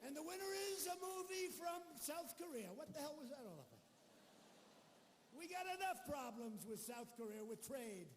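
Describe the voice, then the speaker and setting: A man's voice: extremely high pitch, very animated, normal speed. Man, rally speech, boastful, rambling, mocking, long hall reverb, faint crowd noise. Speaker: political speaker at a campaign rally. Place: large arena rally. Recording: echoey arena hall with faint crowd ambience.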